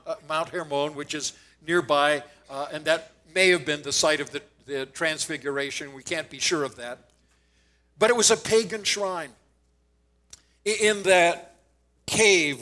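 A man's voice: fairly high pitch, pushed and bright, rough recording. A man preaching a sermon in an earnest teaching manner, quoting scripture with occasional stammered restarts.

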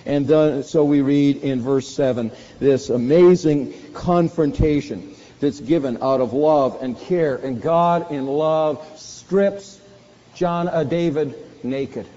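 Dramatic preacher in a reverberant hall. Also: male voice, a little high, unhurried. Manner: dramatic, acting out quoted lines with sudden loud bursts. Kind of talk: sermon. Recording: dull sound with long hall reverb.

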